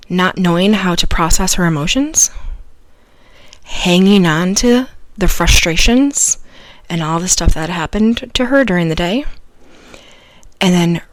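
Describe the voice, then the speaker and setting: A woman hosting a solo advice podcast, telling a story earnestly with sudden loud emphatic bursts. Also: on the low side, moderate pace, no room sound. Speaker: podcast host.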